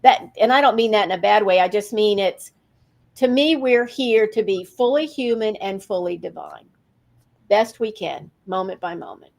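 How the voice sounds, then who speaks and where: An older woman from rural Virginia, a spiritual teacher telling stories in an interview, lively with laughs and restarts. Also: mid-range voice, moderate pace. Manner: animated storytelling with laughs and restarts. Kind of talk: interview conversation.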